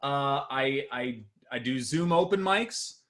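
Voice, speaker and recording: Halting, chuckling stand-up comic man. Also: mid-range voice, fairly bright tone. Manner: rambling, halting delivery with many restarts and chuckles. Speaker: stand-up comedian. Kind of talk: stand-up set over a video call.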